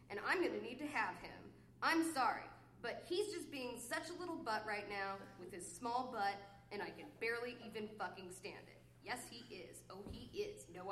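At a reading series venue before an audience, a poet performs her work live, mock-flirty and exasperated as she swings between cooing asides and muttering. Her medium-pitched voice is a bit bright, heard in an echoey room with slight background noise.

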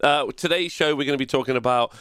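Jokey English host with a Nottinghamshire accent. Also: male voice, mid-range voice, fast, fairly bright tone, clean tone, no echo. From England. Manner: loose, jokey, lots of fillers and laughs. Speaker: podcast host. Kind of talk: casual live-stream chat. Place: live streaming studio.

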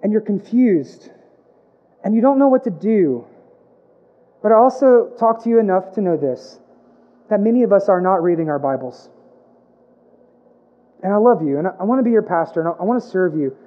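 A man's voice: sits high, lively intonation, moderate pace, pauses often. A man delivers a sermon as pastor. He preaches with emphatic repetition and playful asides. The recording sounds dull and lo-fi. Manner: emphatic preaching with comic put-on voices, repeated phrases.

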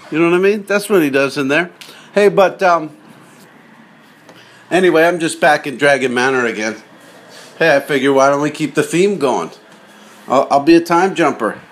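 Guy doing a loose rambly podcast from his car, kinda higher voice, keeps jumping topics. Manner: chatty, digressive, self-interrupting. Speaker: podcast host. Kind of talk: casual rambling monologue.

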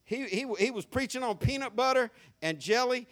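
A man with a high, light voice and a Southern country accent preaches a folksy sermon. He mocks pretension and swings from hushed asides to loud, hooping emphasis. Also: expressive, moderate pace, few pauses. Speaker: pastor.

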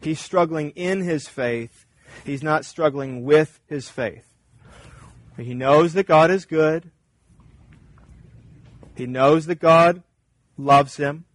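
Male pastor, sermon delivery, emphatic repetition, fairly high voice, dry room. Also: no echo. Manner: earnest, emphatic, repeats key phrases.

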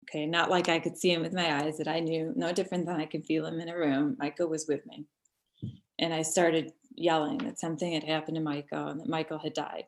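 A middle-aged woman recounting a personal story as an interview guest, halting and tender with many pauses and restarts. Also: deep voice, little pitch movement.

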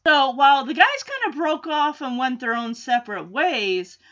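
High, bright-voiced chatty woman. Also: big pitch swings, moderate pace, lo-fi sound. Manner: chatty, amused, acts out quotes. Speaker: vlogger recapping a sitcom episode. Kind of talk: casual reaction chat.

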